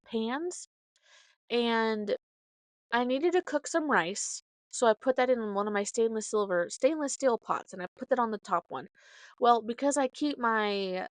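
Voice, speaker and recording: A woman's voice: on the high side, a bit bright, dry recording. A woman hosting a podcast, telling a story in a casual, rambling way with side notes and self-corrections. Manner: dramatic, acts out quoted dialogue. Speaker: podcast host.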